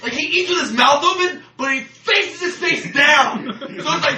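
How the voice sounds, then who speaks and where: A man ranting loudly and profanely in casual chat, laughing as he goes. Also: very high voice, moderate pace. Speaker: podcast co-host. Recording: echoey room, distant mic, noise.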